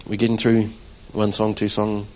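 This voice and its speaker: Man sharing a lively church testimony. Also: fairly low pitch, moderate pace, poor audio. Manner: conversational, animated storytelling with acted-out quotes. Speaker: church drummer giving testimony.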